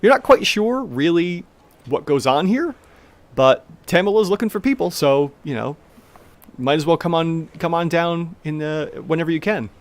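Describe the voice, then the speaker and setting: A man's voice: on the high side, expressive, moderate pace. A man narrating as game master, loose and rambling with many fillers.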